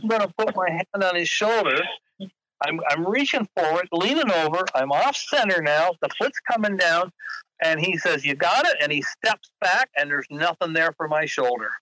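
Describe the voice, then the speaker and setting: A man's voice: high voice, lively intonation, moderate pace, sharp tone, no room sound, low-quality recording. An older man, a father, retelling a hunting mishap step by step on a podcast. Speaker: guest, father in the story. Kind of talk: casual podcast storytelling.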